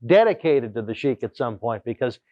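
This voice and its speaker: A man's voice: medium pitch, lively intonation, brisk, no room sound, lo-fi sound. A male host in casual chat who prompts his guest in an easygoing way.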